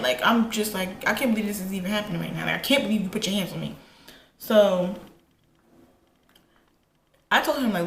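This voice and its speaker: A woman vlogger casually telling a personal story while getting ready, animated and profane, acting out quotes. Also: a little fast, vocal fry, a little hiss or hum. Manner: animated, profane, retells quotes with rising pitch. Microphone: camera in front. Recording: echoey room with faint ambience.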